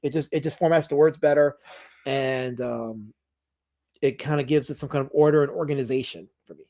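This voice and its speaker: A man's voice: mid-range voice, fairly even intonation, a little fast, warm tone. A man hosting a casual livestream, reading out chat comments and rambling with many restarts and fillers.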